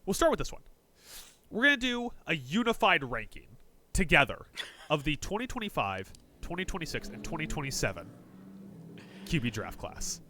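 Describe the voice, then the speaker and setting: A man's voice: a little high, normal speed, pauses often, slight background noise. A man co-hosting a casual sports podcast, joking around, punning and swearing as he leads the segments. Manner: jokey, excitable, swears, punning asides. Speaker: podcast co-host.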